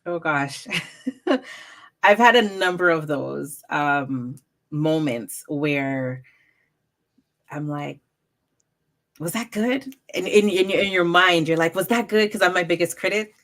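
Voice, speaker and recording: A woman with a low, dark voice talks in a relaxed interview as a storyteller. She is animated and slips into the voices of the people in her stories. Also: slow pace. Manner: animated, acts out quoted moments with raised pitch. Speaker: storyteller guest. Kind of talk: casual interview chat.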